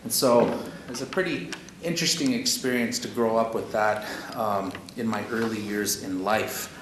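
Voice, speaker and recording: A man's voice: lowish voice, normal speed, fairly bright tone. A man from Canada leading a workshop, telling stories in a folksy, conversational way with a lot of "eh?" and "you know?". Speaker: workshop facilitator. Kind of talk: storytelling in a workshop talk. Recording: echoey room with audible noise.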